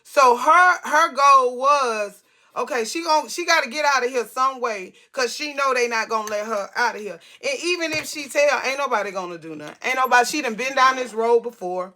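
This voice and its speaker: A woman's voice: high-pitched, normal speed, pushed and bright. A woman telling a personal story to camera in a casual, rambling way, cursing freely and often restarting her sentences. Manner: rambling, profane, many restarts.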